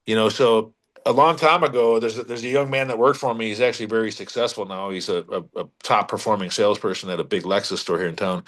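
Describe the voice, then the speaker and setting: A man's voice: fairly low pitch, fairly bright tone. A middle-aged man, a car dealership leader, talking casually as a podcast guest in a blunt, emphatic way, repeating words and restarting sentences as he goes. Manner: salty, blunt sales talk. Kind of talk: casual interview talk.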